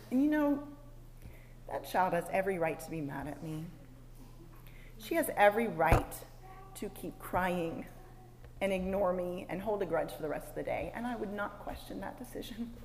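A woman, speaking to a women's gathering and telling a personal sermon story in an expressive way that moves from hushed asides to loud exclaims. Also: mid-range voice, moderate pace, pauses often. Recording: long hall reverb, faint background noise.

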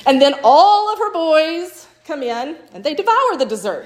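A woman preaches in an echoey room, her voice sitting a little high. She tells stories and acts out quotes, often checking in with "right?". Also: very animated, moderate pace. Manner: storytelling with acted quotes and frequent "right?". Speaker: speaker teaching a church talk. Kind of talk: sermon.

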